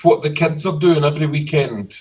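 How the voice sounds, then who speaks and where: A middle-aged Scottish man chatting casually, telling lively stories about his childhood. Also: fairly high pitch, fairly quick, far from the mic, poor audio. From Scotland. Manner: storytelling, animated. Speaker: guest. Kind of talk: casual chat.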